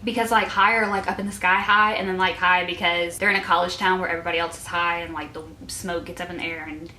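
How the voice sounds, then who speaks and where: A woman's voice: fairly low pitch, steady tone, fast, bright, forceful tone. Giggly young woman vlogger, roomy echo. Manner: giggly, self-mocking. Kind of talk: casual chat reading old notes aloud. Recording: echoey room.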